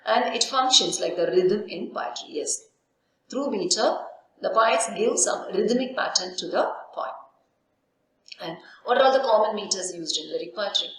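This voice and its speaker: A woman's voice: mid-range voice, lively intonation, moderate pace, a bit bright. Woman, university lecturer, explains step by step with rhetorical questions, very echoey room. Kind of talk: recorded literature lecture.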